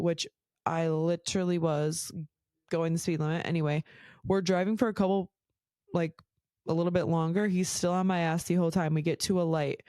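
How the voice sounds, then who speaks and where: A woman's voice: fairly low pitch, dark tone, no room sound. A woman hosting her own podcast, telling stories casually, full of "like" and swearing. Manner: chatty, swears a lot, says "like" constantly. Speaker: podcast host. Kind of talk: casual storytelling.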